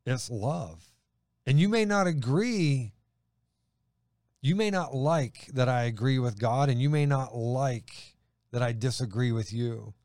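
A man's voice: mid-range voice, animated, a little mellow, no echo. Earnest preaching man, dry close sound. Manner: earnest, slows down for emphasis. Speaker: co-host of a faith show. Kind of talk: preaching, reading scripture aloud.

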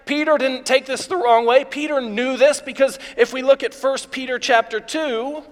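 A man with a very high voice delivers an eager, excitable sermon to his congregation. His words ring out with a long reverb, as in a large church hall. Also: moderate pace. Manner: enthusiastic, excitable preaching. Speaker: pastor. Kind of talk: live sermon. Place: church sanctuary before a congregation.

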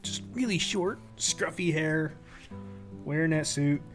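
Male game master; relaxed, halting narration, a little high-pitched. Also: soft background music.

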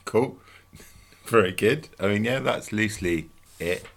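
Deep-voiced man, easygoing and teasing. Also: a little slow, creaky, fairly bright tone. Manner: easygoing, teasing, prompting questions. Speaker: podcast co-host asking questions. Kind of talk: casual chat.

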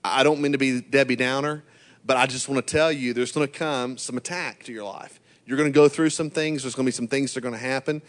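Earnest middle-aged guest pastor preaching. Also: male voice, mid-range voice, fairly even intonation, fast talker. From Georgia, USA. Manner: earnest and encouraging, with frequent "uh" fillers. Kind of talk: sermon.

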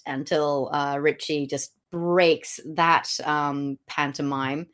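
A woman's voice: low voice, steady tone, takes it slowly, hardly any pauses, a bit bright. Sweary sarcastic woman podcaster. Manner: sweary, sarcastic, mocks characters in silly voices. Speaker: podcast co-host. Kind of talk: casual podcast chat.

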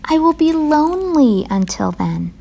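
Frog is an eager, cheerful storybook frog, as a woman reading aloud puts him on. His voice jumps up high and calls out with bright excitement. He talks with a clear, friendly pleading eagerness. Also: slow pace.

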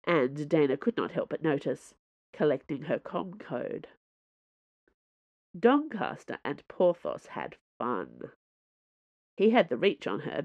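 A woman with a low voice narrates a novel in a measured, expressive way. The recording is close and dry, with no room sound. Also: no echo, highs cut off. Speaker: audiobook narrator. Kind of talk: scripted narration.

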